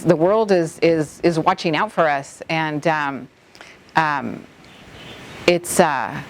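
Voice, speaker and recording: In an emotional interview, a low-voiced, middle-aged woman from the Bahamas, head of an environmental nonprofit, remembers a hurricane. She falters and starts over again and again, on the verge of crying.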